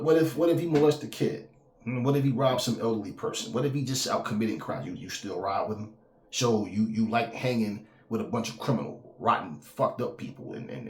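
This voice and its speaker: A man's voice: on the low side, roomy sound. A man, ranting emphatically and profanely as host of a boxing talk channel, often repeating himself. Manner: profane, emphatic, repeats himself, slips into mocking quoted voices. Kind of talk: heated casual rant.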